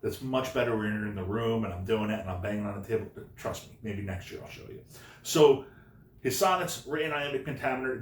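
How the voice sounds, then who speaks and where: A male teacher giving a recorded remote lesson, explaining slowly and repeating the key points. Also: mid-range voice. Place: home room, no classroom. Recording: echoey room.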